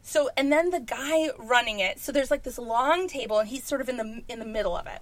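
A woman tells a comic story in loose podcast chat, exasperated and swearing freely as she laughs through it. Her voice sits a little high. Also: fairly quick, no echo. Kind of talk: casual comedic storytelling.

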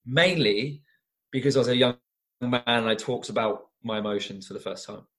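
A young man, a former teacher and youth coach, telling stories in an interview in an earnest, animated way with frequent restarts. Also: mid-range voice, moderate pace. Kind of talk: conversational interview storytelling.

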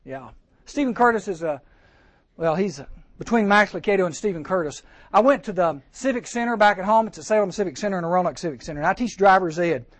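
Fast, high-voiced preacher man. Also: dry recording. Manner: animated, acts out quoted voices. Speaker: camp preacher. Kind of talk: storytelling sermon to teens. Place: indoor camp chapel.

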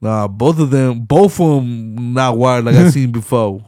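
A man's voice: medium pitch, measured pace, dark tone, no echo. Podcast host, man, casual and slangy, dry close sound. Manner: laid-back, slangy, drops into movie quotes. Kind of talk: casual movie commentary.

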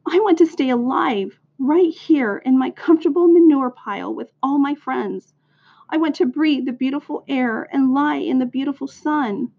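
A woman reading a storybook aloud, voicing a timid young male pig who pleads in a high, squealing voice. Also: huge pitch swings, unhurried, few pauses, breathy edge, full character voice. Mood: panicked. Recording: dull lo-fi recording.

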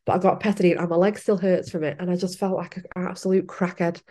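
A young woman tells a personal story in a relaxed interview. Her voice sits a little low, and she talks in a chatty way, laughing often. She acts out what she and others said at the time. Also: fast. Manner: chatty, laughing often, acting out her own past lines. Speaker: podcast guest.

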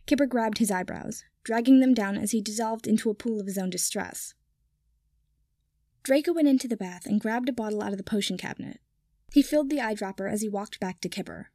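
A woman reading fiction aloud in calm, even narration. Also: mid-range voice, fairly quick, dry recording, clean studio sound. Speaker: audiobook reader.

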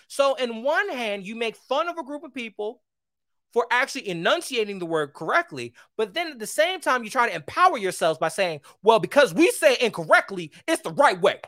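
Male podcast host, heated ranting delivery with animated pitch swings, dry close mic. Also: dry recording. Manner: heated, ranting, swinging between loud outbursts and low asides. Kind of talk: opinionated solo commentary.

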